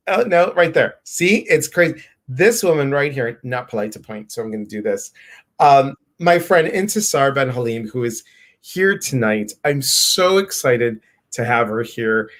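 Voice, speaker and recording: A man hosting a live stream, excitedly welcoming viewers by name in a casual, bubbly way. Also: medium pitch.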